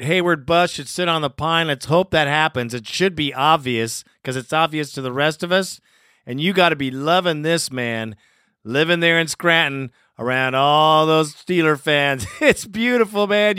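A man hosting a fan podcast, brash and excited, trash-talking the rival team. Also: on the high side, normal speed, clear, resonant tone, dry recording, studio quality. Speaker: podcast host. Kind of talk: casual fan podcast chat.

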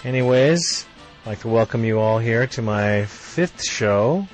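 A man's voice: mid-range voice, lively intonation, measured pace, soft background music. A man hosting a sports fan podcast, talking in a blunt, fired-up, profane way and sometimes stumbling over his words. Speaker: podcast host.

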